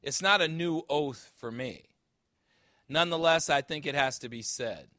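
Emphatic Chicago-born pastor preaching. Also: male voice, on the high side, normal speed, sharp tone, no echo, studio quality. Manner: emphatic, rhetorical questioning. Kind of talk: sermon. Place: church. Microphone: handheld microphone.

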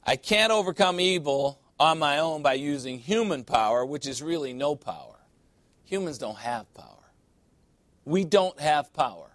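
High-voiced preacher man, dry close sound. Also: very animated, moderate pace, a bit bright, no echo. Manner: call-and-response preaching, playful asides. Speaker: pastor. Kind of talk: sermon. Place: church sanctuary.

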